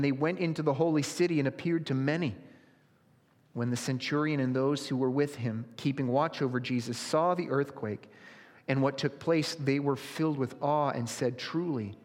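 A man, a pastor, reads scripture aloud in a sermon with rising dramatic emphasis. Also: fairly high pitch. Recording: long reverb of a large hall.

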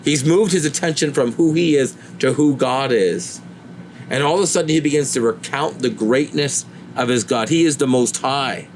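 A man preaching a sermon in an earnest way, his voice rising high when he voices pleading questions to God. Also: normal speed, a little hiss or hum.

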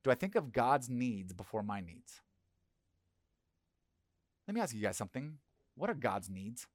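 A man's voice: medium pitch, sing-song, measured pace, dry recording, clean studio sound. A middle-aged male pastor giving a conversational sermon and asking the congregation questions.

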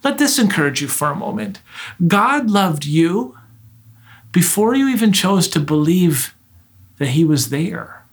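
A man's voice: high voice, big pitch swings, measured pace, husky. A man preaching a sermon, earnest and direct, asking his listeners rhetorical questions.

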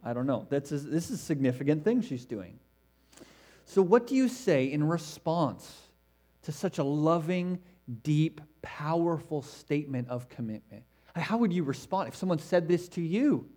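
A man preaching an expository sermon in a conversational way, swinging between emphatic stresses and hushed, quiet asides. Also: a little high, animated, moderate pace. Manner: conversational, with fillers and self-corrections.

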